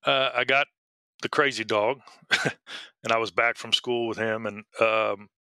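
Brief: middle-aged male K9 officer, guest, hesitant storyteller, bright timbre. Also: fairly low pitch, steady tone, clean tone, no echo. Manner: halting, full of fillers and restarts. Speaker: police K9 handler, guest. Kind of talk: casual interview storytelling.

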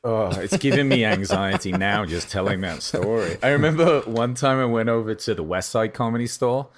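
A man co-hosting a podcast, telling rambling, animated comedy stories in casual chat. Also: lowish voice, normal speed.

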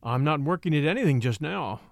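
A courteous young gentleman down on his luck, read by a man, speaking in formal, deliberate phrases. The voice sits fairly high with lively rise and fall, and the recording is dry and close. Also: gravelly, dry recording. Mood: polite. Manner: polite, formal, slow and emphatic. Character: poor, coughing young gentleman, polite.

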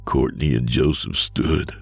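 A man narrating a scripted horror story in a low, steady storytelling voice. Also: measured pace, faint music behind.

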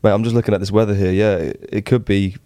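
Young bloke, low voice, a bit ill, blunt and sweary, dry close sound. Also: male voice, flat delivery, quick pace, dark tone, no room sound. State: ill, coughing. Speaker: podcast co-host. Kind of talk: casual chat.

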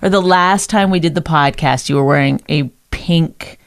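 A woman's voice: sits low, moderate pace, clear, resonant tone. A woman co-hosting a podcast in casual bickering chat, teasing and defensive. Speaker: podcast co-host.

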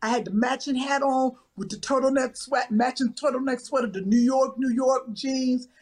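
A woman's voice: high-pitched, fairly even intonation, moderate pace, a little mellow. A woman, chatting casually and playfully, often breaking into laughter. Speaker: talk show co-host. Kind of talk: casual chat on a phone or video call.

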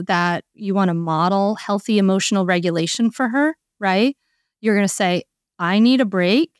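A woman's voice: mid-range voice, clear, resonant tone, no room sound, clean studio sound. A woman working as a parenting coach, explaining earnestly and often checking in with "right?". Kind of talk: coaching conversation.

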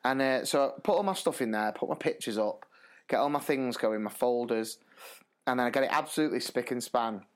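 A man co-hosting a podcast, a primary school teacher telling stories in a casual, animated way and laughing through them. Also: medium pitch, a little fast. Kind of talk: casual storytelling chat.

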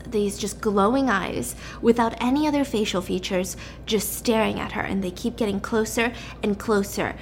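A woman's voice: mid-range voice, slight background noise. A young woman casually recapping a story in a chatty way, with many fillers.

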